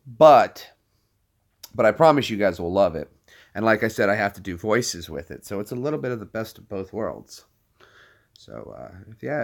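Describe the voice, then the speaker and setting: A man in his thirties chatting casually to a live-stream audience, rambling and joking. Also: lowish voice. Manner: rambling, jokey, puts on silly voices.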